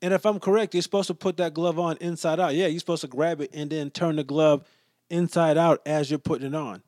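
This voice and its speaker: A man tells a story in a loose, exasperated rant, heavy on the swearing and deadpan in its delivery. His voice sits a bit high for a man, and he now and then sinks into quiet, low mutters. The recording is dry and close, with no room sound. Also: fairly quick, no echo. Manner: drops to low mutters in asides.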